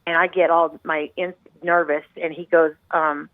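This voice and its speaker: A grieving mother in middle age calls in as a guest to share her story with rambling, heartfelt intensity. She has a low voice and a flat delivery at a moderate pace, and the phone audio is tinny and dry with no room sound.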